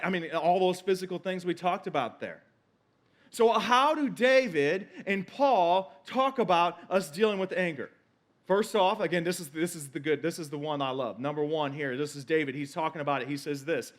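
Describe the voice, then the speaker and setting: A man's voice: on the high side, a bit bright. A man pastor preaching a sermon, quoting scripture and repeating key points for emphasis.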